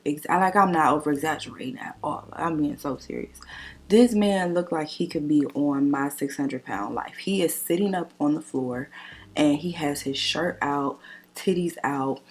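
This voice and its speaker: Low husky-voiced woman vlogger. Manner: blunt, animated storytelling with frequent swearing. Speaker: beauty vlogger. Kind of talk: casual storytime chat while doing makeup.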